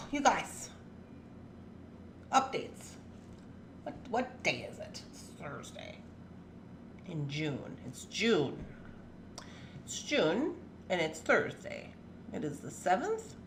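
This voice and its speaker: A woman's voice: fairly low pitch, huge pitch swings, drawn-out words, long pauses, background noise. A woman hosting a casual morning livestream from her home workroom, chatting and greeting viewers by name and playfully teasing her cats. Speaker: livestream host.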